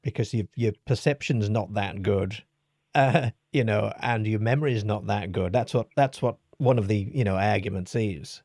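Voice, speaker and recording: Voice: medium pitch, normal speed, darkish tone, no echo. Radio host with mid-range voice, dry sound. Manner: short encouraging replies, reflective asides. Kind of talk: casual call-in radio chat.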